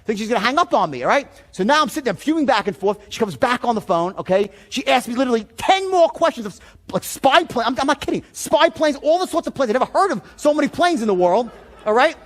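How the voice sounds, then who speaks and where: Sales trainer, male, higher voice, acts out the story at full volume, lots of swearing. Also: fast talker. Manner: animated, profane, often shouting while acting out the story. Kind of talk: storytelling seminar talk.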